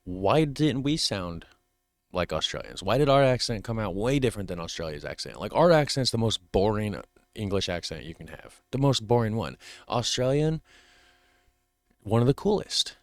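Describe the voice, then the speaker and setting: Low-voiced American guy reacting casually. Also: very animated, moderate pace, no echo. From United States. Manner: casual, rambling, questioning asides. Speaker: reaction video host.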